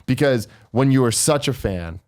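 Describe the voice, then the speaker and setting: A man co-hosting a casual podcast chat, his voice sitting at a middle pitch. He tells stories at an easy clip and puts on other people's lines as he goes. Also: animated, normal speed, a little mellow. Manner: storytelling, acts out quoted voices. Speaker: podcast co-host.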